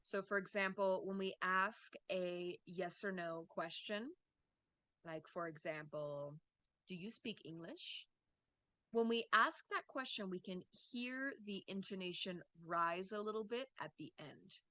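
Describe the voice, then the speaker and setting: A woman's voice: medium pitch, unhurried, sharp tone, dry recording. A woman teaching an English lesson, explaining patiently and checking in with "okay?" as she goes.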